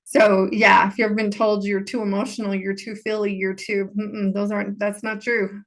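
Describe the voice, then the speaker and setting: A woman's voice: medium pitch, little pitch movement, normal speed. Earnest woman podcast host. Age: adult. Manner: earnest, conversational, repeats phrases for emphasis. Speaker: podcast host and healing coach. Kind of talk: casual solo podcast talk.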